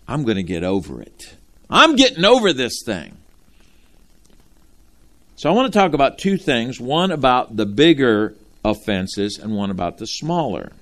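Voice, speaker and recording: A man preaching a sermon from Ohio, animated and folksy, calling out to his congregation. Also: mid-range voice. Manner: animated, talks straight to the congregation with folksy asides. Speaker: pastor.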